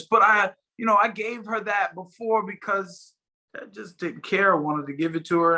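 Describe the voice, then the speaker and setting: A man's voice: on the high side, bright, forceful tone, poor audio. A man being interviewed as a fighter guest, talking casually and rambling with many fillers and restarts over a video call.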